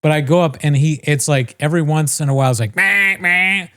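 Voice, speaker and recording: A man's voice: on the high side, steady tone, fast, a little mellow. A man co-hosting a podcast, casually telling a long story, swearing freely and mimicking the people in it. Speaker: podcast co-host.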